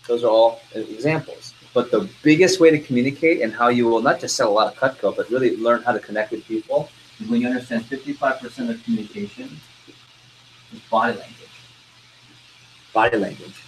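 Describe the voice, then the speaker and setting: An energetic man runs an interactive sales training class, firing quick questions at the room and pushing the group to answer. His voice is at a typical middle pitch. The recording is rough, with a faint hiss underneath.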